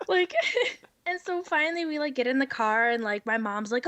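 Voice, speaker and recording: Young adult woman, chatty guest, filler-heavy, giggly, slightly high voice. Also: a little slow, fairly bright tone. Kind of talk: casual storytelling chat.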